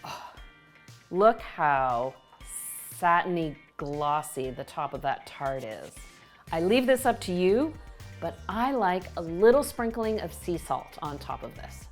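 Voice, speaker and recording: A woman hosting a baking show, explaining each step with clear, enthusiastic instructions from a kitchen. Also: lowish voice, expressive, slow pace, soft background music. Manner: warm, explanatory, enthusiastic about the food. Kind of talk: cooking demonstration.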